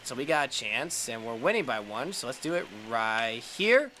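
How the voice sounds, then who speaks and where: A young man giving his own running commentary over a baseball video game. He mutters to himself, groans at misses and cheers at hits. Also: moderate pace. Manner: excitable, talks to himself, groans and cheers at each pitch. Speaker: gaming YouTuber.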